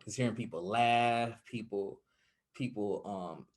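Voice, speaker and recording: A young man who is a podcast guest, telling his stories in a casual, excitable interview chat. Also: fairly low pitch, unhurried. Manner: animated storyteller, excitable.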